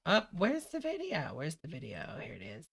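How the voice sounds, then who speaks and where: A woman's voice: low voice, wildly swooping pitch, normal speed, gravelly, a little hiss or hum. A woman hosting a reaction video, talking in a gossipy, chatty way and exclaiming over the news. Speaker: host.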